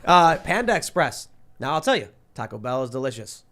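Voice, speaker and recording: A man's voice: medium pitch, a little fast. A man hosting a podcast panel, talking casually and jokingly and reading news stories aloud. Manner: animated, jokey, reads news stories aloud. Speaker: podcast host.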